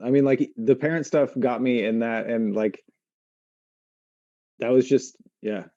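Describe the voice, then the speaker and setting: Male co-host, very dark warm tone, halting casual delivery, dull dry recording. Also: mid-range voice, fairly even intonation, no echo. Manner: halting, restarts often while working through feelings. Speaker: podcast co-host. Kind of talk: casual chat. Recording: muffled, dry.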